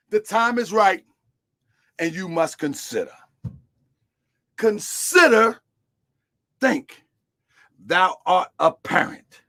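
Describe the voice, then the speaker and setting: High-voiced man preaching a sermon. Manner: preaching with shouted emphasis, swinging to quiet asides; call-and-response questions to listeners. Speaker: religious teacher.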